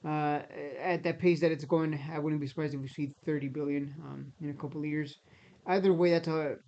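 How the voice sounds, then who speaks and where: Man, somewhat higher voice, doing casual skeptical commentary with a strained voice; dull lo-fi sound. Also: fairly even intonation, a little fast, a little mellow. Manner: conversational, repeats himself, skeptical asides. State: voice strained, near losing it. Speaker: stock market YouTuber.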